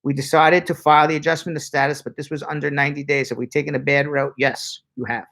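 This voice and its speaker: A man who is an immigration lawyer, hosting a live-stream Q&A and reading viewer questions aloud in a brisk, chatty way. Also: on the high side, level tone, gravelly, fairly bright tone. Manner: brisk and chatty, spells out phone numbers slowly.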